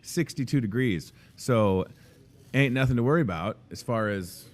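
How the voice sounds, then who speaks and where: A man's voice: mid-range voice, animated, moderate pace. A man in his thirties hosting a casual show from a grocery store café, jokey and rambling. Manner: jokey, rambling, self-deprecating. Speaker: host. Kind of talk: casual chat.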